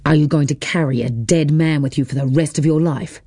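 A man reading an audiobook, voicing a jealous, angry husband who talks slowly and cuttingly. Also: medium pitch, dark tone, husky, no room sound, studio quality. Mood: cold, scornful. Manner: slow, deliberate and cutting.

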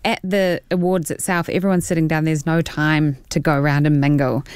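A New Zealand woman in her forties chats as an interview guest, slipping into the voices of the people in her stories and laughing as she goes. Her voice sits fairly low, and the sound is dry and close, with no room around it. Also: brisk, clear, resonant tone, dry recording. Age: 40s. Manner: animated storyteller, acts out quotes, laughs often. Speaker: actor guest. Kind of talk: casual interview chat.

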